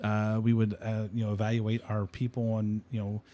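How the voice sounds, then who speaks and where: Halting, explanatory host. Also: male voice, lowish voice, monotone, warm tone. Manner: halting, many restarts, explanatory. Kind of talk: casual studio talk.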